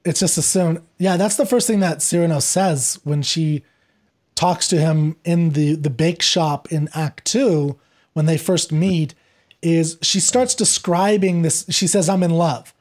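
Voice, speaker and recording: A man talking as a podcast guest, retelling a play in a lively conversational way and acting out the characters' lines as he goes. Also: a little high, measured pace. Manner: animated, acts out quoted lines while retelling. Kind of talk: conversational literary discussion.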